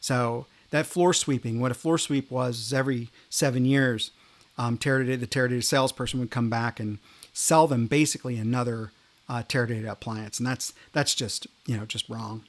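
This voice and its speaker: A middle-aged man hosting a podcast, rambling through animated career anecdotes in a casual monologue. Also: mid-range voice, fairly quick. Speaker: podcast host.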